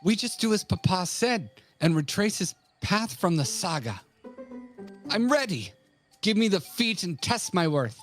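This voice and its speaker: A man's voice: high voice, big pitch swings, measured pace, faint music behind, pitched above the performer's own voice. A man voicing an eager, earnest young heir while reading game dialogue aloud.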